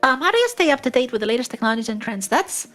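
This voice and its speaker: A woman with a fairly high voice asks questions and rambles through her answers in a casual chat. She clears her throat often and fills pauses with lots of fillers. Faint music sits behind her. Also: lively intonation, a bit bright. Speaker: guest interviewer.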